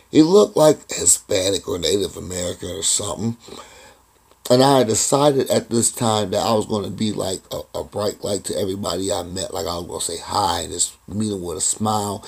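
A man with a gravelly, rough-edged voice, rambling through a personal story in a casual vlog. He chuckles often and keeps restarting his sentences. His voice has a breathy, husky grain. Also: fairly low pitch, darkish tone. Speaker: vlogger.

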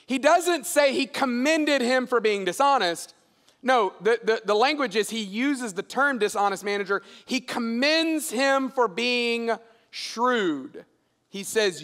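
A middle-aged male pastor preaching a sermon, telling stories with lively acted-out dialogue. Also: a little slow. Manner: animated storyteller acting out dialogue in a lowered voice. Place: large church auditorium. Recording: long hall reverb.

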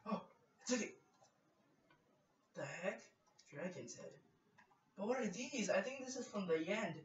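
A man talks through his gameplay in nervous, excitable bursts, repeating himself as he goes. He sits well back from the mic in a roomy space. The recording is dull and lo-fi, with faint hiss underneath. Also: high voice, unhurried, recorded from a distance. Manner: jumpy, nervous self-talk with exclamations, repeating phrases. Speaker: gameplay video creator. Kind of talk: gameplay commentary.

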